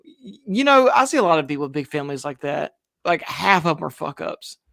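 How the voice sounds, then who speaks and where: Gravelly man with wry deadpan. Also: on the high side, fairly quick, dry recording, studio quality. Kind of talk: casual chat reading donations.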